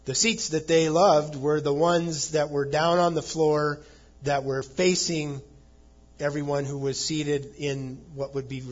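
Male pastor, husky tone, chatty sermon delivery, slightly dull lo-fi recording. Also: a little high. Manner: explains scripture conversationally, acting out quoted lines with chuckles.

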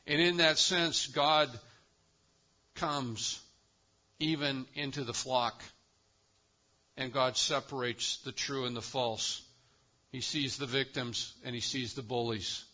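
Slow, emphatic male preacher. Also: medium pitch, steady tone, highs cut off. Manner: slow, emphatic preaching with swells in volume and quiet drops. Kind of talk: sermon.

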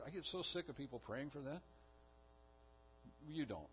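A man's voice: medium pitch, expressive, moderate pace, fairly bright tone, husky. A man preaching a sermon, building emphasis with repeated phrases. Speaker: pastor. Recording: dull lo-fi recording.

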